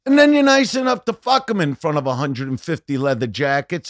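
A man telling stories as a podcast guest, profane and rambling, saying "you know" constantly and often building to loud punchlines. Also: on the high side, a little fast, few pauses, no echo, studio quality. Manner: animated, often shouting punchlines. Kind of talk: casual storytelling chat.

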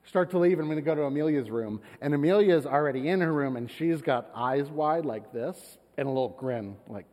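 Pastor, male, lively storyteller, slightly high voice, long church reverb. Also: fairly quick, few pauses. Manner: conversational, animated storytelling with laughs. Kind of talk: sermon with personal story. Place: church sanctuary.

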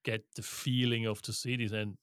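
A man's voice: lowish voice, moderate pace, smooth, no echo. A middle-aged man from Switzerland, a guest in an interview, speaking casually and telling stories with laughs and restarts. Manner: lively storytelling with laughs, frequent restarts. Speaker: guest, investment firm co-founder.

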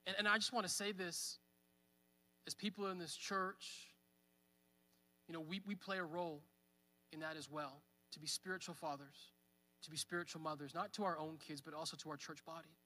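A man's voice: fairly high pitch, steady tone, normal speed, pauses often, pushed and bright, big-room sound. A man in his thirties preaching a sermon at church, conversational, with fillers. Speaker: pastor. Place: church hall.

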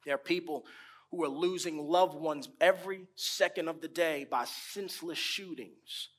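A man preaching a sermon at an unhurried, deliberate pace, stretching key words and letting pauses hang. His voice sits a little high for a man and swells when he repeats a phrase for emphasis.

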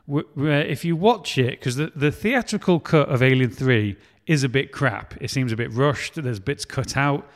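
A man's voice: mid-range voice, moderate pace, few pauses. A man in casual chat, talking in a chatty, self-mocking way and laughing often. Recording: long hall reverb.

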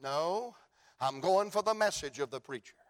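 A man voicing a desperate biblical father who answers in a low, hushed, solemn voice. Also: lively intonation, a little slow. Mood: resolute.

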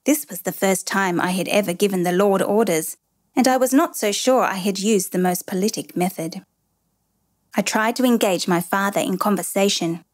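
A woman narrating a children's story in a measured, gently expressive reading. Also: medium pitch.

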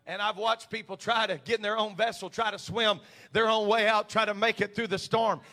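A male pastor preaching a sermon, swinging from quiet confiding talk to shouted, impassioned preaching. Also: high voice, steady tone, normal speed.

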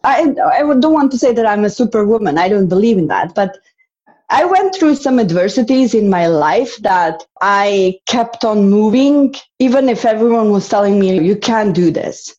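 Slovenian-born woman talking earnestly in an interview, mellow tone, kinda muffled audio. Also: medium pitch, expressive, moderate pace. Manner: earnest, reflective, with restarts. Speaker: interview guest, entrepreneur. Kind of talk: casual conversation.

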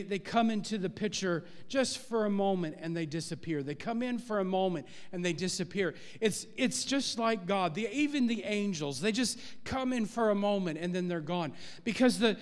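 Male pastor, high voice, animated sermon delivery, long hall reverb. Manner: animated preaching, swelling louder on key points. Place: church sanctuary.

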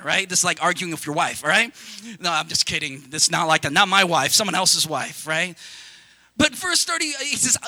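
A young man preaching a sermon as pastor, talking straight to the congregation in a lively, conversational way with quick asides. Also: high voice, dry recording.

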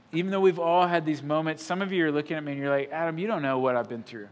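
Emphatic pastor, loud then hushed. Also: male voice, on the high side, rapid-fire, hardly any pauses, a little hiss or hum. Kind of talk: sermon. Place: church sanctuary.

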